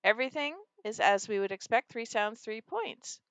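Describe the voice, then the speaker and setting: A woman's voice: a little high, normal speed, smooth, no room sound. A woman reading teacher explaining a phonics game and acting out her students' answers. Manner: animated, acts out student answers.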